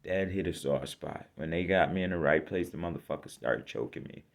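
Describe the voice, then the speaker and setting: Gravelly man telling a raw story. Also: extremely low pitch, a little fast. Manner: blunt, profane, emphatic storytelling; shaken, voice swings from loud to subdued. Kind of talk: emotional personal story vlog.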